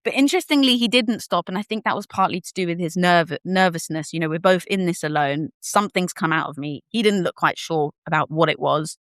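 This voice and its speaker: A young adult woman, a guest on a podcast, tells her own birth story candidly and animatedly, acting out what people said, in a casual way with occasional swearing. Her fairly low, slightly bright voice moves briskly with few pauses. The studio-quality audio has no echo.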